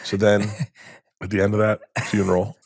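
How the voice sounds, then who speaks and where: A comedian telling animated stories in a podcast interview, acting out relatives in hushed voices. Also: male voice, on the low side, normal speed, creaky, dry recording, clean studio sound. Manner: acts out quoted relatives in hushed voices, laughs while telling. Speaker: comedian guest. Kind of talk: animated storytelling.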